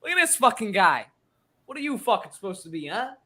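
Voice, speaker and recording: A man's voice: high-pitched, very animated, brisk, sharp tone, heavily acted. A man putting on a brash Italian-American tough-guy accent, taunting and swearing as he mocks someone in a podcast bit. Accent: Italian-American put-on.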